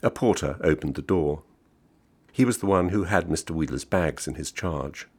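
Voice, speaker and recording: A man reading a literary short story aloud in a measured, understated way. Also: deep voice, darkish tone, husky. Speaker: reader.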